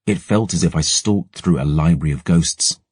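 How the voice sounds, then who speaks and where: A man narrating a dark fantasy audiobook in a measured, brooding storytelling manner, close to a studio mic. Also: rumbling low, breathy edge, dry recording.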